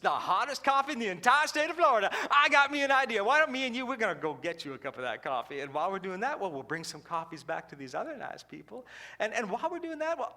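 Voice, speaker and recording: Guy doing a chatty southern lady luring folks into her diner, low soft drawl. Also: full character voice. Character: cheerful southern woman greeting restaurant diners.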